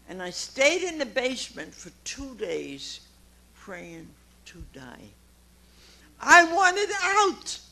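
A woman, giving an emphatic personal testimony to a recovery meeting, dropping quiet and then rising to loud exclamations. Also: mid-range voice, vocal fry, a little hiss or hum. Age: 90s.

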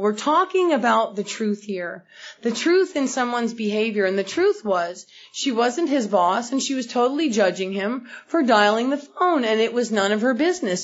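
A woman sharing personal stories at a recovery meeting, earnest and animated as she acts out what people said. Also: a little high, normal speed. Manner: earnest, animated storyteller acting out quotes. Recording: dull lo-fi recording.

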